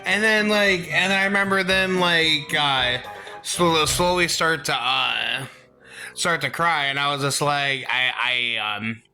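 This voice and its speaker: A young man telling a work story in a casual vlog, rambling and halting, acting out the quotes. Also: on the high side, pushed and bright, soft background music.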